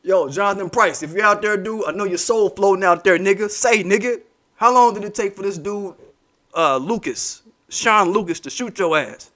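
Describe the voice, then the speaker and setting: A man with a fairly high voice and delivers a heated commentary monologue. He leans on street slang and profanity, repeating himself for emphasis as he rants to his audience. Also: normal speed, fairly bright tone. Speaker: commentary channel host.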